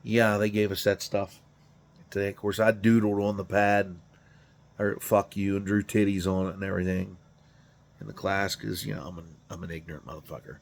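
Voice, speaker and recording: This middle-aged garage channel host sounds tired and yawns as he rambles a bit fast in a low-pitched, gravelly voice with fairly even intonation. His monologue is casual, full of swearing and self-mockery.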